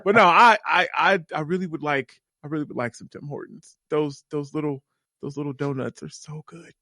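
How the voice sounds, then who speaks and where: Excitable, profane podcast co-host. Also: male voice, a little high, a little fast, no room sound, clean studio sound. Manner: animated, profane, excitable storyteller. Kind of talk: casual chat.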